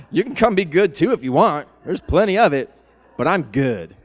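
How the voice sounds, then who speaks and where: A man preaching a sermon in a large church hall, his voice a little higher than most men's. The long reverb of the room trails after each phrase. He swings from soft, tender passages to fervent shouting, laughing often between points. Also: expressive, a little slow. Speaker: pastor.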